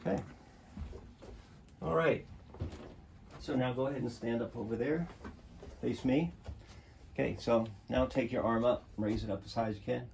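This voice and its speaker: A man's voice: mid-range voice, moderate pace, creaky, pauses often, a little mellow, slight background noise. A man working as a chiropractor, coaching a patient through treatment with short, encouraging, repeated commands in a treatment room.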